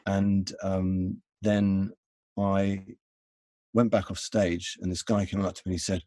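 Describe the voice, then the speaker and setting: A middle-aged man telling an anecdote in conversation, animated, with restarts and laughs. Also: lowish voice, normal speed, no room sound. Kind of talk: conversational storytelling.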